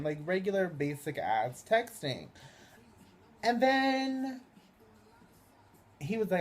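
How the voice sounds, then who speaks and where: Low-voiced, mellow woman telling a dating story. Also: takes it slowly, long pauses. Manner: chatty and profane, constant filler "like"; animated, swings high and loud when excited. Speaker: vlogger. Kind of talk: casual storytelling to camera.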